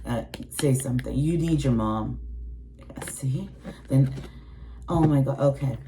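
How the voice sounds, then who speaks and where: A woman's voice: a bass voice, unhurried, warm tone, slight background noise. A woman in her late forties, a tarot reader, ranting bluntly and emotionally to her viewers, swearing heavily and mimicking other people's voices. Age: 40s. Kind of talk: personal rant to viewers.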